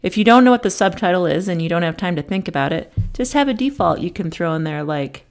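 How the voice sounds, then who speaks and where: A woman's voice: fairly low pitch, quick pace. A middle-aged woman teacher giving an instructional talk, telling classroom stories with acted-out quotes. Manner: lively anecdotes with acted-out quotes.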